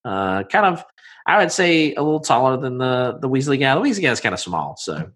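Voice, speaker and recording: A man's voice: mid-range voice, sing-song, brisk, a bit bright, slightly rough. A man narrating a tabletop game as game master, in a casual, rambling way full of fillers.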